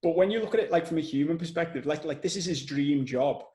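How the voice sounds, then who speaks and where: A man with a Scouse accent hosting a podcast, telling stories in an animated, casual way and swearing now and then. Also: a little high, quick pace, roomy sound, low-quality recording. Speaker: podcast host. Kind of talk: casual conversational podcast chat.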